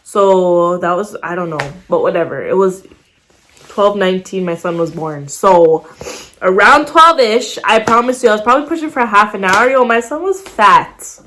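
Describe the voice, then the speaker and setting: A young woman vlogger casually telling a personal story to the camera, with plenty of slang and swearing and an animated way of retelling events. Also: mid-range voice, normal speed, slight background noise.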